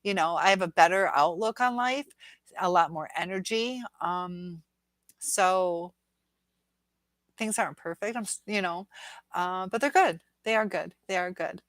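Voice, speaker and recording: A woman's voice: on the low side, unhurried, no room sound. A woman hosting a casual live stream, reading viewer comments aloud in a rambling, chatty way and laughing often. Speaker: livestream host reading viewer chat.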